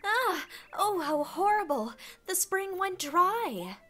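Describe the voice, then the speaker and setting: A woman's voice: very high voice, big pitch swings, slow, a bit bright, voice pushed up, exaggerated voice. A woman voicing a dramatic, vain young female flower spirit, gushing and melodramatic as she reads game dialogue aloud.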